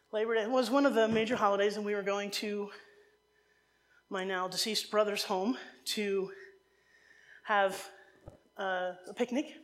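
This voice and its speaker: A woman from New Jersey preaching a sermon in an animated, conversational way, with humorous side stories. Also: medium pitch.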